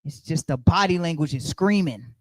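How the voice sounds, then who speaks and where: A man's voice: a little high, lively intonation, moderate pace, dry recording. A man leading a Bible study, preaching conversationally and emphatically, repeating his key phrases as he speaks straight to the group.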